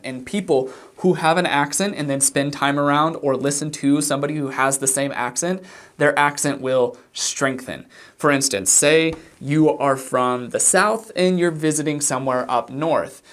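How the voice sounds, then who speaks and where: A man giving reaction commentary as a body language analyst, explaining things in a measured way. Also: fairly high pitch, a bit bright.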